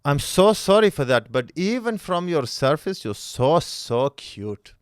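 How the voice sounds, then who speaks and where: A man's voice: a little high, a little slow, clear, resonant tone, no echo, clean studio sound. A man putting on a gushing accented commenter. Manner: gushing, flattering. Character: fawning male online commenter with put-on accent.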